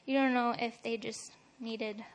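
A woman's voice: fairly high pitch, steady tone, measured pace, lo-fi sound. A young woman sharing a church testimony in a reserved, reflective way. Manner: soft-spoken, reflective, reserved.

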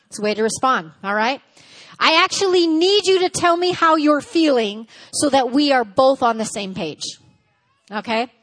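A woman giving a teaching sermon at a church service, lively and conversational, acting out little dialogues and checking in with her listeners. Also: high voice, normal speed. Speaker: church speaker.

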